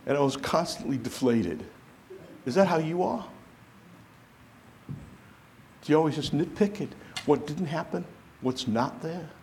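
Man preaching a lively sermon. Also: a little high, unhurried, pauses often, a little hiss or hum. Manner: animated preaching, acting out quoted voices. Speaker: pastor.

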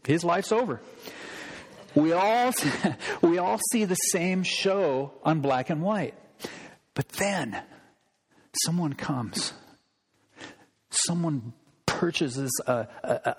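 Animated male preacher in a reverberant hall. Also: a little high, husky. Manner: animated, acts out scripture quotes with sudden loud outbursts; addresses congregation directly, rhetorical questions. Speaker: pastor. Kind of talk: sermon. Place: church sanctuary. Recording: long reverb of a large hall.

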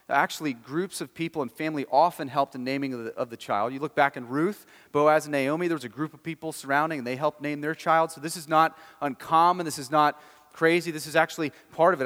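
Animated preacher in a reverberant hall. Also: male voice, on the high side. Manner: animated, emphatic storytelling with rhetorical questions. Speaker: pastor. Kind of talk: sermon.

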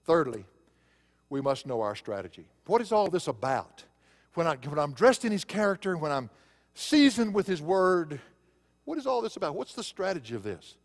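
A man's voice: on the high side, big pitch swings, normal speed, big-room sound. A male pastor preaching a sermon, telling a personal story in a conversational way and rising to emphatic preaching.

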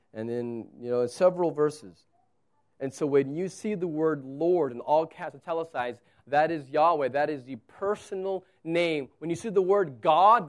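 High-voiced male pastor preaching. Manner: emphatic, acts out quotes. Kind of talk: sermon.

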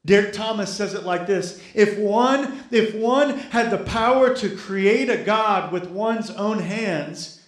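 A man's voice: high voice, slow, echoey room. A male pastor preaching a sermon, repeating key phrases and calling on the congregation to respond. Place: church sanctuary.

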